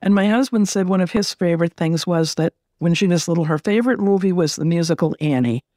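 A middle-aged woman being interviewed, telling a personal story in a gentle, reflective way and often repeating words as she gathers her thoughts. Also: on the low side, fast talker, dry recording, studio quality. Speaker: interview guest.

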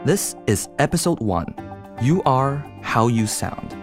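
A man's voice: mid-range voice, very animated, slow pace, over loud music. A man co-hosting a podcast, narrating and asking questions with nerdy enthusiasm. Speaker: podcast co-host.

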